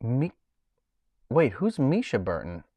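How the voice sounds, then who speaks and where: A man's voice: mid-range voice, wildly swooping pitch, slow, warm tone, no room sound. A man hosting a casual livestream, chatting in a rambling way with fillers and restarts. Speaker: livestream host. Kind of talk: casual live chat.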